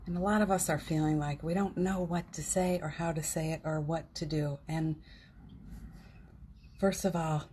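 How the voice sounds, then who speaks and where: A woman's voice: deep voice, fairly even intonation, normal speed, dark tone, slight background noise. A woman hosting a home livestream, talking in a heartfelt, rambling way with many fillers and restarts. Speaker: livestream host. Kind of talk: casual inspirational livestream talk. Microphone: phone on a live stream.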